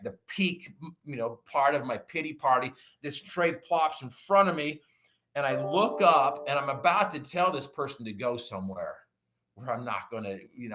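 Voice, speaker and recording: A man's voice: mid-range voice, a bit bright. A middle-aged man who is a guest on a podcast, telling a personal story with animation and acting out his own quoted lines.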